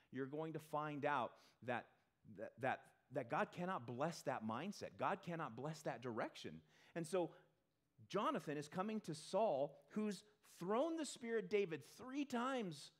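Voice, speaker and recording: Animated male pastor preaching. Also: fairly high pitch. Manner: animated, acts out quick character voices. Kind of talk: conversational sermon. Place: church in front of a congregation.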